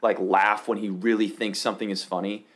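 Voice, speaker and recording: A man in his thirties, a podcast co-host chatting casually, with halting fillers. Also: lowish voice, level tone. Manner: warm praise, halting fillers. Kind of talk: casual chat.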